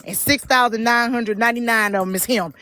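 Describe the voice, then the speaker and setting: A woman's voice: a little high, fairly even intonation, brisk, bright, forceful tone. A woman on a casual live stream, brash and scolding, talking in heavy slang.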